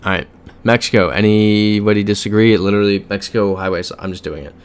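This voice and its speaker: A man's voice: lowish voice, steady tone, fast, clean tone. A young American man streaming a geography game, chatting casually, muttering guesses and reading viewer comments aloud. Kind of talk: casual live-stream chat while playing a geography game.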